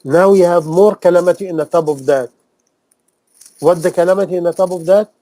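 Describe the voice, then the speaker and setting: A man's voice: sits high, steady tone, a little fast, warm tone, dry recording, poor audio. A man preaching a sermon in impassioned, non-native English, repeating phrases and firing off rhetorical questions. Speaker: Islamic preacher.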